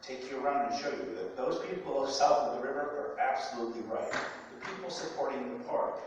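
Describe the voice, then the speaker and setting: A man's voice: mid-range voice, a little fast, highs cut off, a little hiss or hum. A man making an emphatic, persuasive public comment at a meeting. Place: large echoey meeting hall. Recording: distant, echoey hall.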